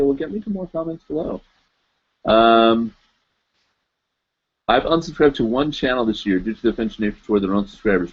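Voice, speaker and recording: A man's voice: lowish voice, breathy edge, dull audio. A man hosting a live stream, casually chatting and reading out viewer comments in a rambling, self-deprecating way.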